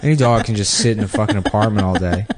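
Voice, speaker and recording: A man's voice: fairly low pitch, fast talker. A sleep-deprived man co-hosting a podcast, telling rambling anecdotes with crude jokes in casual chat. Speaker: podcast co-host.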